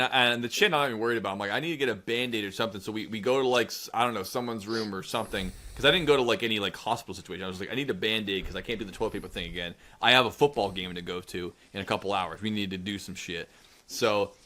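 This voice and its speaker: A young man in his twenties, co-hosting a podcast, rambles through a profane story and acts out the quotes in casual chat. His voice sits fairly low, sounding pushed and bright.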